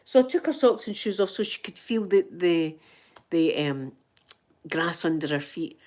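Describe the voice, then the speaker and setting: A woman's voice: lowish voice, expressive, moderate pace, darkish tone. A middle-aged Scottish woman telling rambling, dramatic anecdotes in casual chat as a channel host. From Scotland.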